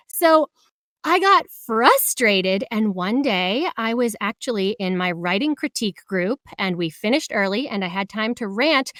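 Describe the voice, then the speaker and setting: A woman voice actor telling her story in a casual interview, animated and acting out quoted voices with big jumps. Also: medium pitch, normal speed, no echo, studio quality.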